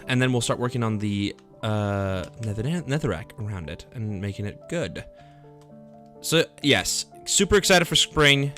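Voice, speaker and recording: A young man with a medium-pitched, fairly bright voice rambles in an upbeat, casual way while livestreaming himself playing a game. Faint music plays in the background.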